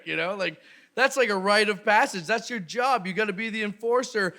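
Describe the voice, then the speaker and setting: A Canadian man doing a stand-up comedy set, animated and breaking into loud shouted bits. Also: very high voice, brisk. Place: live comedy venue with audience.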